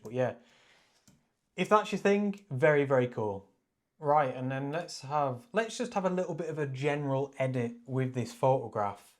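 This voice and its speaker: Brief: male photography vlogger, mid-pitched, chatty, excitable, screen-recorded editing tutorial. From Wales. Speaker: photography YouTuber.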